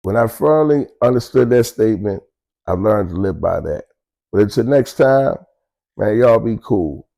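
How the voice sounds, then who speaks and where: Older baltimore dude telling street stories, mellow voice, salty and laid back. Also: male voice, on the low side, expressive, normal speed, gravelly, poor audio. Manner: streetwise, profane, laughs between beats. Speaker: storyteller recounting prison life. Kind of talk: casual storytelling to camera.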